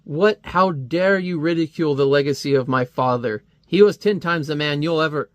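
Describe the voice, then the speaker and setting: A man's voice: on the high side, normal speed, dry recording, close to an everyday voice. A man reading as an angry male secret police captain. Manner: indignant, cussing.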